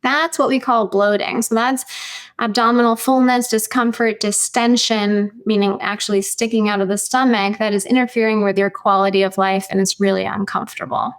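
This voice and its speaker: A woman naturopathic doctor on a podcast, explaining clearly and methodically, listing points step by step. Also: mid-range voice, fairly even intonation, normal speed.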